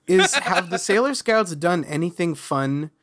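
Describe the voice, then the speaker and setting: A man's voice: high voice, sing-song, unhurried, a bit bright. A man co-hosting a podcast, musing aloud and chiming in during a casual chat about a cartoon. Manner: musing, chimes in with agreement. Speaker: podcast co-host.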